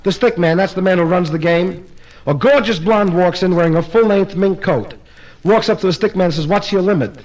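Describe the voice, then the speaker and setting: A man doing live stand-up comedy at a private party, telling brisk, punchline-driven stories. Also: sits high, a little mellow, poor audio.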